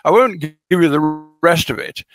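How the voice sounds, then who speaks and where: A man's voice: a little high, animated, moderate pace. A man being interviewed as a scholar, explaining in a lecturing way with frequent hesitations and fillers, stressing key words for emphasis.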